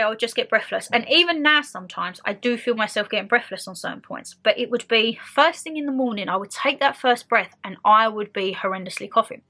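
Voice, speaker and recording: A woman's voice: fairly high pitch, pushed and bright. A young woman with a British accent, chatting openly and expressively to her viewers in a casual sit-down vlog. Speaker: vlogger.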